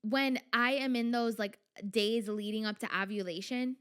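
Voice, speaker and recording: A young adult woman hosting her own podcast, talking in a chatty, animated way with lots of fillers and quoted inner voices. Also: fairly high pitch, unhurried, hardly any pauses, clear, resonant tone. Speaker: podcast host. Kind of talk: casual solo podcast talk.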